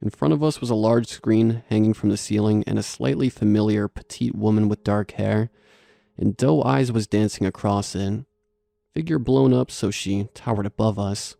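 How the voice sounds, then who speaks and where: A man narrating a horror story in a steady scripted delivery. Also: fairly low pitch, normal speed, vocal fry, dry recording, studio quality.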